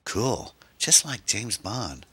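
A frightened, excitable young girl cries out in shrill, breathless bursts, voiced by a man reading a story. The voice stays bright and lively while it leaps about in pitch. It is recorded dry and close to the mic. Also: takes it slowly, slightly rough, no room sound, heavily acted. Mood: excited.

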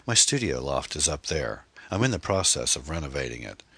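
A man voicing a charming, secretive man who talks smoothly and evades questions in an audiobook. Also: very deep voice, big pitch swings, fairly quick, sharp tone, dry recording, exaggerated voice. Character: charming, secretive man showing off his house.

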